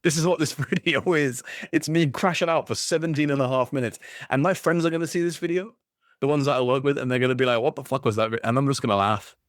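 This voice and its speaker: A man's voice: fairly high pitch, fast talker, no echo, studio quality. Swearing, ranting young man gamer. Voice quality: heavy swearing, exasperated ranting. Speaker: gaming YouTuber. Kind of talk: ranting video commentary.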